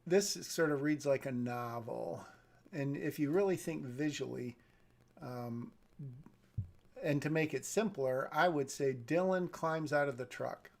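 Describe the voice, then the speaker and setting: A man's voice: a little high, unhurried, creaky, darkish tone. A man reading a screenplay on a live stream and thinking aloud about it, often hedging and correcting himself. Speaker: script reader giving feedback.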